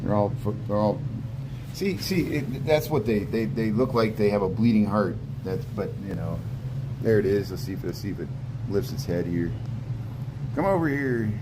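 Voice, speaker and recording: Inside a zoo birdhouse, a male vlogger narrates a relaxed walking tour, chatting with the birds and frequently repeating or trailing off. He speaks at normal speed in a lowish voice with lively intonation, over background noise.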